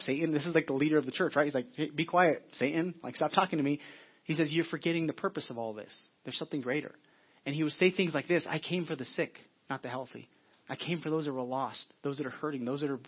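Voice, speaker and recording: A man's voice: on the high side, slightly rough, muffled recording. A male pastor preaching a sermon in an earnest, conversational way, repeating phrases and restarting often.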